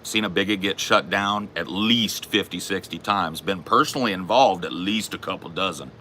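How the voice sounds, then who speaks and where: A man's voice: sits low, moderate pace, bright, forceful tone, slight background noise. A man hosting a comedy show, taunting and profanely ranting in an aggressive, confrontational way. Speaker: comedy podcast host. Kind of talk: aggressive comic rant.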